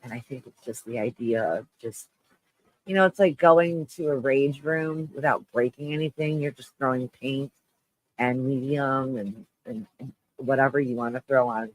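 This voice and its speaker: A man hosting a live stream, chatting with viewers in a low, shaky-voiced mood, halting and restarting as he rambles. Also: no echo, poor audio. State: shaky voice, close to tears. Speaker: livestream host.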